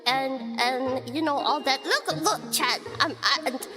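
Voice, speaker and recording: A young woman streamer telling a story in casual chat, animated and giggly with lots of filler likes. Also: high voice, measured pace. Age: young adult. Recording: background music under voice.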